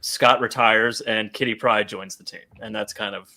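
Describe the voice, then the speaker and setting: A man co-hosting a casual comic book podcast, animated and profane, acting out characters' lines for laughs. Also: on the low side, normal speed. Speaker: podcast co-host.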